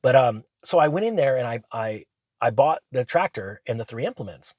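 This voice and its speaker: A man, hosting his channel and telling rambling, animated business stories in casual chat. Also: medium pitch, fairly quick, no room sound. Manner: rambling, animated anecdotes with acted quotes. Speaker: channel host. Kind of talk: casual storytelling monologue.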